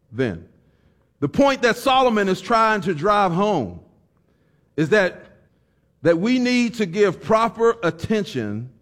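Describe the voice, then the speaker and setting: A man preaching a sermon, folksy and fervent, breaking into shouted exhortations and wry stories. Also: sits high. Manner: storytelling with folksy humor.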